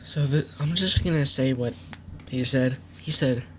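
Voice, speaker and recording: Man calmly laying out a grievance. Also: mid-range voice, a little slow, very noisy. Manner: methodical, reads chat messages aloud line by line; firm, accusatory. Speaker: channel host. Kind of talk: recounting a dispute to camera.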